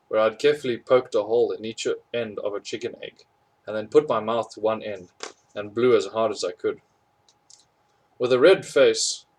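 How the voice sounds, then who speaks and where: The recording is low-quality, and the man reading has a voice on the low side. He reads a storybook chapter aloud as an audiobook narrator, entertained by the story, chuckling at the funny bits and correcting his mistakes.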